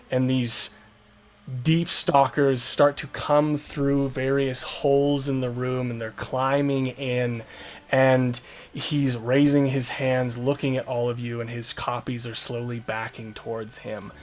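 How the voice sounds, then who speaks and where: Slow-talking man as game master. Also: mid-range voice, flat delivery. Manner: unhurried, filler-heavy description. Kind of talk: narrating a tabletop game.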